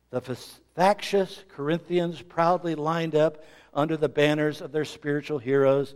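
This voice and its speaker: Middle-aged guy pastor preaching, kinda high voice, gets loud then drops quiet. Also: measured pace. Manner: animated, swings between loud emphasis and quiet asides. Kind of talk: sermon.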